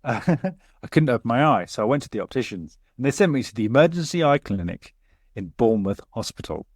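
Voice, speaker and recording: A man, co-hosting a casual podcast and telling sweary, animated work stories. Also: medium pitch, brisk, dry recording, clean studio sound. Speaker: podcast co-host. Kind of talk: casual chat.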